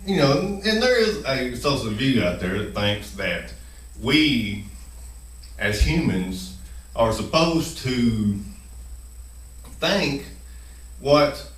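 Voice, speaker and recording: In a nervous first-video monologue, a man hosting his own channel chews gum and fills his speech with fillers and restarts. His mid-range, slightly bright voice is expressive and slow, broken by long pauses, and the rough recording sounds roomy, far from the mic.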